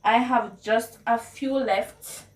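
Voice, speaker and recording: A woman's voice: fairly high pitch, steady tone, slow pace. A Jamaican woman hosting a casual language lesson, playfully repeating phrases. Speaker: video host. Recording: echoey room, mic at a distance.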